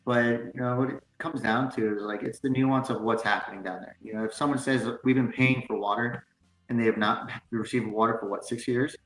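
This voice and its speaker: A male co-host reads news articles aloud and breaks off into loose, casual asides full of fillers. His voice sits at an average pitch. The recording has a noticeable roomy echo and faint music in the background. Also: fairly even intonation, a little fast, few pauses, a bit bright.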